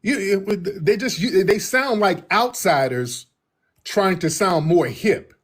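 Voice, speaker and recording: A man giving political reaction commentary in an emphatic, animated way, often repeating himself for effect. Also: sits high, takes it slowly, slightly rough.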